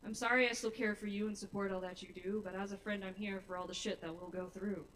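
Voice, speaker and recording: A woman's voice: mid-range voice, steady tone, fast talker, a bit bright. A young woman performing her own rhyming spoken-word poetry at an open mic in a small bar, earnest and openly nervous. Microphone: stage mic. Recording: live room mic, somewhat distant, faint noise.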